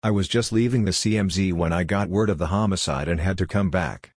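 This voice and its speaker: A man's voice: low-pitched, fairly quick, slightly rough, no echo, studio quality. A man voicing a thin, short male justice with a European accent, talkative and matter-of-fact. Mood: friendly.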